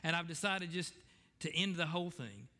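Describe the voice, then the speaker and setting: A man doing a timid, down-and-out little guy who pours out a long string of bad luck, sounding a bit higher and brighter than usual. The voice rings with echoey hall reverb. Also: expressive, normal speed. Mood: woeful. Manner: tearful rambling lament of misfortunes. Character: timid small man, dejected and unlucky.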